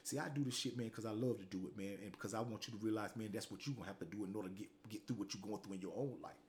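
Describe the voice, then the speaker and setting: A man's voice: on the low side, racing, a little mellow, a little hiss or hum. A middle-aged man, hosting a motivational talk show, delivering a blunt, profane, preachy monologue that keeps tagging lines with "man".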